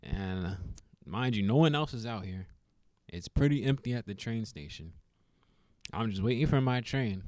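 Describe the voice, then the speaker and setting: A man's voice: mid-range voice, no echo, studio quality. A young man telling a funny personal story in a casual vlog, laughing often and acting out what people said. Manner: animated, laughs often, acts out quotes.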